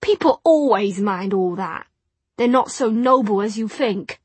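A woman's voice: medium pitch, animated, measured pace, husky, dry recording, voice pushed up. A woman voicing a remorseful young woman. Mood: gentle.

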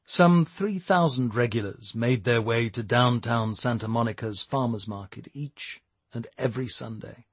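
A man giving steady, measured scripted narration of a novel. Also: medium pitch, husky, dry recording. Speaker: audiobook narrator.

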